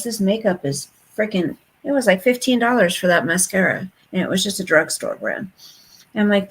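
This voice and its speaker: A woman in her fifties talks to her viewers in a loose, gossipy chat, speaking bluntly about whatever comes to mind. Her voice sits at an ordinary pitch with a gravelly, fry-laden edge. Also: rough recording. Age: 50s. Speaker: vlogger.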